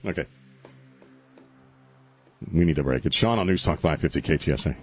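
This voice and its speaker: A man's voice: extremely low pitch, normal speed, pauses often, faint music behind. A man hosting a talk radio show, rambling and joking in a casual on-air chat, often chuckling as he talks. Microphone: studio broadcast mic.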